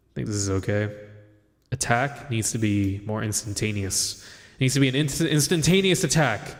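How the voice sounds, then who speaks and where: A man's voice: lowish voice, moderate pace. A young man streaming live, chatting casually and rambling to himself as he tweaks his mic settings. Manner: rambling, talks to himself while adjusting audio settings. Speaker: livestreamer. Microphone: studio mic with compressor.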